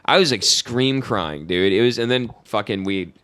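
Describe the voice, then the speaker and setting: A young man co-hosting a casual podcast, telling a story with lots of energy and loudly acting out the people in it. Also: lowish voice, normal speed, clear, resonant tone. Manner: animated storyteller, acts out quoted voices loudly. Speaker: podcast co-host.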